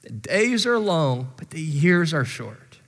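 A man in his forties preaching a sermon as pastor, moving from relaxed storytelling to fervent appeals to parents. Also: fairly high pitch, slow pace. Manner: conversational storytelling rising to impassioned exhortation. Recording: long reverb in large hall.

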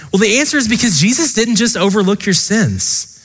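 Impassioned high-voiced male preacher. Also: very animated, fairly quick, a bit bright, breathy edge, long reverb tail. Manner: earnest, impassioned preaching with repeated direct address. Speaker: pastor. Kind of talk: sermon.

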